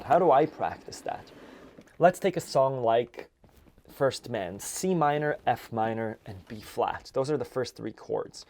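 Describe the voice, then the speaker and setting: A man teaching an accordion lesson, explaining chords and counting beats in a relaxed way. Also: mid-range voice. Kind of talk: music lesson. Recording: accordion music loud in background. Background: accordion playing.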